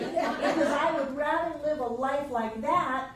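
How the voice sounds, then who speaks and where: A woman teaching a spiritual class to a live group, playful and animated, often acting out the voices people use on themselves. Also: high voice, measured pace, few pauses. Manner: playful, acts out quoted inner voices, laughs often. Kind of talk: class lecture. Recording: echoey room from far off, faint noise.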